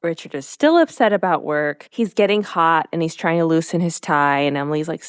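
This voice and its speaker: Woman, podcast co-host, lowish voice, casual recap, laughs a lot, dry room. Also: brisk, hardly any pauses, clear, resonant tone, no echo. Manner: retells scenes with quoted lines, laughs often.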